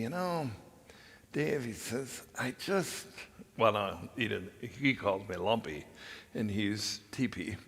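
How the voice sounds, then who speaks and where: An older man, a priest, giving a homily as a folksy, rambling personal story with frequent pauses. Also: lowish voice, a bit bright. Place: large church. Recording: long church reverb.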